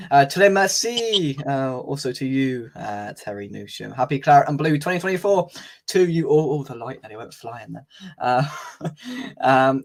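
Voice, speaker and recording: A man hosting a casual fan live stream, chatting, reading out viewer comments and laughing easily. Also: a little high. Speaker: fan channel host.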